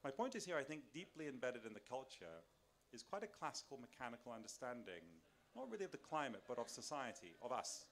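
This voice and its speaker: A man lecturing to a live audience inside a large tent, his voice sitting at an ordinary middle pitch. He speaks conversationally, thinking aloud with restarts and rhetorical questions, and he moves around as he talks. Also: a bit bright. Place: large tent at a summer camp. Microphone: filmed by a camera.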